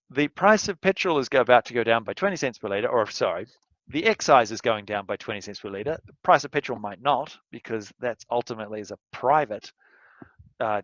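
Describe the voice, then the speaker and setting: A man's voice: medium pitch, lively intonation, normal speed, a bit bright, no echo, muffled recording. A male university lecturer giving a recorded lesson, rambling and candid, sometimes working himself into a rant. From outside Australia. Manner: rambling, candid, gets worked up and ranting.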